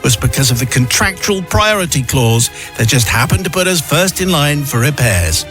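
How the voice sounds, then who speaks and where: Give me a radio host with a somewhat high voice, reading a listener's letter with dry theatrical flair. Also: male voice, very animated, normal speed, music in the background.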